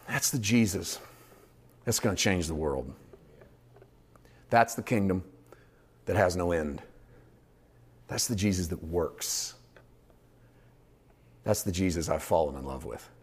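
A male preacher delivering an impassioned sermon in a lowish voice. He moves between hushed, close delivery and loud, shouted peaks. He speaks to a church congregation. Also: animated, a little slow, long pauses, slightly rough. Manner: impassioned, swings from low intimate to loud shouting.

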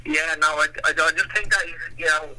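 A middle-aged Irish man, a former boxer, telling stories in a rambling, animated way with lots of fillers. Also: fairly high pitch, fairly quick, a loud crowd, rough recording. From Ireland. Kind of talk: casual storytelling interview.

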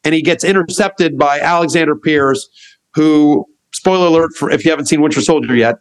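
Animated middle-aged man telling a story. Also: on the high side, a little fast, rough recording. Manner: animated, acts out quotes of others; rambling with restarts and fillers. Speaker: guest. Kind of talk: storytelling in a podcast conversation.

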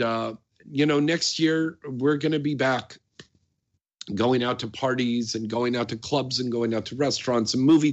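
Male radio host, casual and rambling, mid-pitched voice, dull lo-fi audio. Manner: chatty, rambling, many fillers. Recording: dull lo-fi sound.

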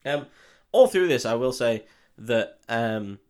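A man's voice: mid-range voice, expressive, slow pace, a little mellow, clear, resonant tone. A man co-hosting a podcast, retelling a film in a crude, joking way and slipping into character voices. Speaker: podcast co-host. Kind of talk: casual comedic film recap.

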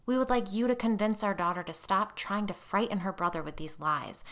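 A nervous, defensive grandmother who speaks in a shaky, hushed voice, put on by a woman reading the story. Her tone sits higher than the narration and has a gravelly texture. It sounds like a storybook reading. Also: brisk, close to an everyday voice. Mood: insistent.

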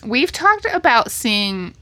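A woman's voice: fairly high pitch, sing-song, slow, pushed and bright. A woman co-hosting a podcast in casual movie chat, sharing trivia in a chatty way. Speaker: podcast co-host.

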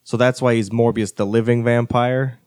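A man co-hosting a casual podcast chat, jokey and animated, slipping into quick voices. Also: medium pitch, clear, resonant tone, no room sound, clean studio sound. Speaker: podcast co-host.

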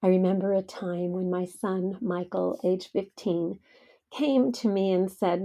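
Slow, husky-voiced woman hosting devotional talk. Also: on the low side, fairly even intonation, dark tone. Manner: earnest, heartfelt storytelling. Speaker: podcast host.

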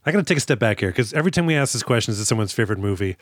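A man's voice: lowish voice, animated, rapid-fire, dry recording. Dry-sounding joking man co-hosting a podcast. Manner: jokey, acts out movie quotes with laughs. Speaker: podcast co-host. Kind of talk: casual chat.

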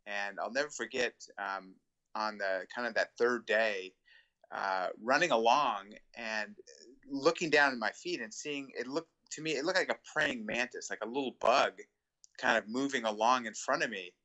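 A middle-aged man as an interview guest, talking in a relaxed, reflective way with chuckles. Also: mid-range voice, normal speed. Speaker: guest ultramarathon runner. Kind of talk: conversational interview.

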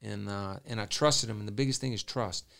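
A former boxer talks as an interview guest in a quick, gravelly, fairly low voice. He is earnest and repeats himself, restarting his sentences as he goes. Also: fairly bright tone. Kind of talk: emotional storytelling in a casual interview.

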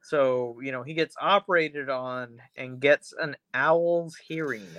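A man's voice: mid-range voice, slow pace, bright, forceful tone, no room sound. A man co-hosting a casual podcast, retelling a horror episode in a rambling, crude way. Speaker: podcast co-host.

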